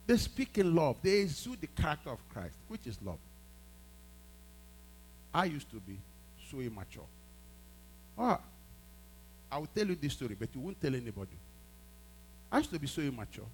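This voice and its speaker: A man's voice: medium pitch, very animated, normal speed, pauses often, a little hiss or hum, poor audio. A man preaching a sermon as a pastor, emphatic, repeating phrases and prompting his congregation.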